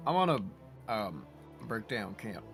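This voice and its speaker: A man's voice: fairly low pitch, measured pace, soft background music. A man playing a tabletop game, talking casually with frequent hesitations. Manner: hesitant, fillers, lively swings. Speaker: player.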